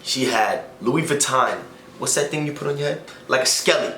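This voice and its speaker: A man's voice: mid-range voice, moderate pace. A young man telling a casual story, acting out the quotes in slangy talk. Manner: animated, acts out quotes, slangy. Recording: echoey room with faint noise.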